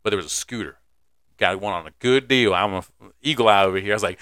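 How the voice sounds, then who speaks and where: A young man co-hosting a casual podcast, talking loosely with crude jokes and frequent laughter. His low voice is bright and crisp, and the recording is dry and close. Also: very fast, no room sound. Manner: crude, joking, laughs often. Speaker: podcast co-host. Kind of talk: casual chat.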